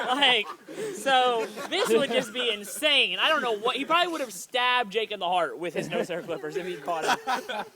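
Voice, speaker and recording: A woman telling a funny family story in a casual vlog, giggling often and filling her talk with "like". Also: a little high. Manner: giggly, lots of "like" fillers, acts out quotes. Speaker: vlogger. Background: friends chiming in and laughing.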